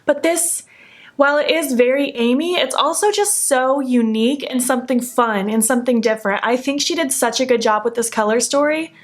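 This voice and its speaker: Young woman, beauty vlogger, gushing and excitable, slightly high voice, makeup tutorial chat. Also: brisk.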